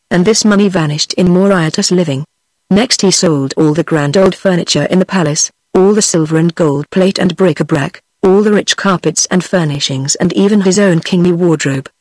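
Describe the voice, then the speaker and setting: Synthetic woman, British English accent, storybook narration, dry close sound, steady delivery. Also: fairly low pitch, no room sound, poor audio. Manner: even, measured synthetic reading. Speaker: audiobook narrator. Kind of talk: text-to-speech book reading.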